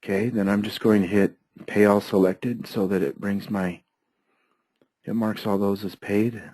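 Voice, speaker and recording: A man teaching accounting software step by step, his voice hoarse and often interrupted by throat clearing. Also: on the low side, unhurried, no echo, poor audio. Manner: steady, methodical step-by-step explaining. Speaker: software trainer. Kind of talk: screen-share software tutorial.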